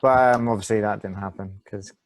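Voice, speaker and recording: A man's voice: fairly low pitch, fairly even intonation, a little fast, crowd noise. A young man co-hosting a podcast, joking and teasing his friends in casual chat. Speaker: podcast co-host.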